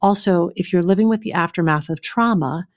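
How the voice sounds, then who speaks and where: Woman podcast co-host, slightly low voice, chatty, fillers and restarts. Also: fairly quick. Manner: reads aloud from a book; guides a counted breathing exercise. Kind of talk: casual podcast chat.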